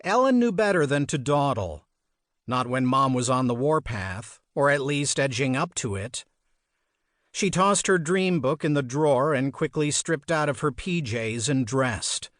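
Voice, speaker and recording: Male audiobook reader, slow and lively pitch, dry close sound, measured storytelling. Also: dry recording. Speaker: audiobook narrator. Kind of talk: scripted narration.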